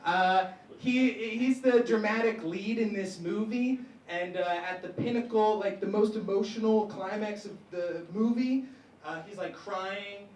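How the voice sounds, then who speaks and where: A man's voice: sits high, a little slow, a little mellow. A young man doing a stand-up set, awkward and hesitant, stumbling over fillers. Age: young adult. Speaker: stand-up comedian. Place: stage at a small live comedy show. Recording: echoey, distant mic, noisy.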